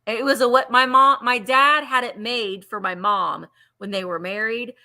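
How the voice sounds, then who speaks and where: A woman's voice: a little high, normal speed, pushed and bright. A woman hosting a live vintage sale, chatting casually and counting down bids aloud. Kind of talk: casual live-stream selling chat.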